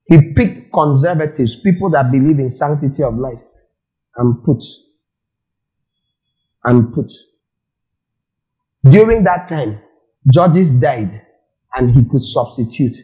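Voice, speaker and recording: A man preaching a sermon, animated and full of rhetorical questions to the audience. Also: medium pitch, slow pace, pauses often, lo-fi sound.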